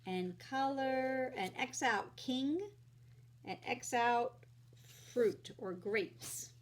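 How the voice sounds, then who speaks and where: A woman teaching young children phonics, slowly sounding out letters and vowel sounds with patient encouragement. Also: fairly high pitch, slight background noise.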